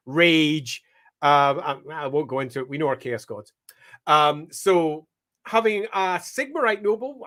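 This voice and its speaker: A man's voice: fairly high pitch, fairly bright tone. A Scottish man hosting a casual livestream, thinking aloud with frequent ums and greeting viewers by name. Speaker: livestream host. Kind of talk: casual livestream chat while mapping.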